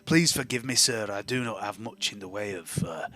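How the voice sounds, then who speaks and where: A man's voice: on the low side, normal speed, bright, forceful tone, a little hiss or hum, pitched below the performer's own voice. A man voicing a meek, apologetic traveller who sells ale, stammering and hesitant as he talks. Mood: timid. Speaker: non-player character.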